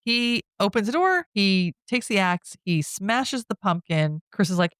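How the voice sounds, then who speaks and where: A woman's voice: medium pitch, unhurried, hardly any pauses, clear, resonant tone, no echo. Laughing woman recapping a horror movie. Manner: laughs often while retelling a plot, animated. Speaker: podcast co-host. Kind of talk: casual movie recap chat.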